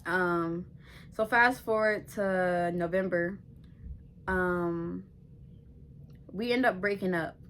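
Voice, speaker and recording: Young woman on her vlog, bright sharp voice kinda low, animated and slangy, swears a lot. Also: slow, long pauses, slight background noise. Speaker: vlogger. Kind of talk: casual storytelling to camera.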